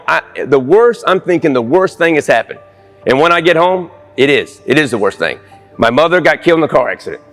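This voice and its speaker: A middle-aged man giving an earnest, plain-spoken personal speech, pressing his points with repeated phrases. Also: on the high side. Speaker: speaker at a Veterans Day event. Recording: long hall reverb with faint music.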